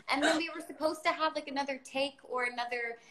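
Blunt young woman over loud clicking noise. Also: sits high, fairly even intonation, fast. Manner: blunt and clipped, trailing off mid-sentence. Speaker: actress guest. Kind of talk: casual chat among actors.

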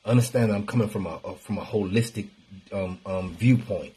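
A man hosting a casual motivational live stream in a preachy, animated, colloquial way. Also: on the low side, brisk, slightly rough. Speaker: wellness talk host.

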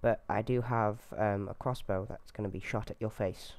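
A man giving casual running commentary as he plays a video game, talking to himself with sudden excited yelps. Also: fairly low pitch, moderate pace. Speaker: gameplay video host.

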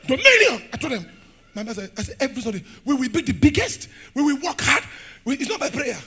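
A middle-aged Nigerian pastor delivers a fiery sermon in church, shouting, laughing and firing questions at the congregation. His male voice is very high-pitched and quick, with big swings in pitch.

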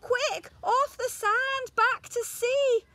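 A woman voicing a tiny, frail female sea snail who is brave and determined, in a high, squeaky, breathless voice. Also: fairly even intonation, extremely slow, sharp tone, heavily acted. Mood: urgent.

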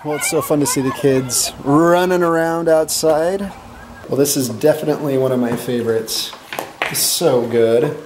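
A man's voice: a little high, steady tone, normal speed, noisy background. A man in his thirties, a father co-hosting a family vlog, easygoing and asking viewers questions. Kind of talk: casual vlog narration.

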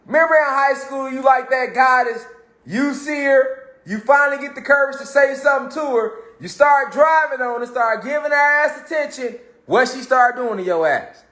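A man's voice: extremely high pitch, fairly bright tone. A man giving a casual motivational monologue on spirituality, talking in street slang and repeating phrases for emphasis. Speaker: spiritual talk host. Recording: echoey room.

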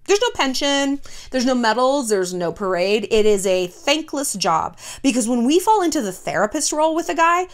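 Woman vlogger, chatty, slightly high voice, very lively pitch. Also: normal speed. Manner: chatty, animated, says "like" often. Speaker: vlog host. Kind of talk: casual chat to camera.

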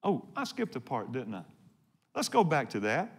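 A man's voice: medium pitch, wildly swooping pitch, normal speed, husky. A male pastor preaching a sermon, earnest and dramatic, often asking the congregation questions.

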